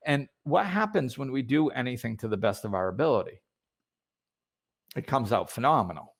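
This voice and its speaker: A man with an expressive mid-range voice and a moderate pace hosts a podcast. He tells a spiritual story loosely and casually, with plenty of fillers and restarts.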